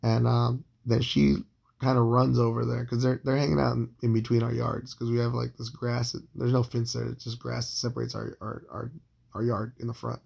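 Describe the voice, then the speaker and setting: A man's voice: medium pitch, level tone, moderate pace, a little mellow. A man in his late thirties telling a long personal story in a casual, profane, rambling way, full of fillers and restarts. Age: 30s. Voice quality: gravelly, husky voice.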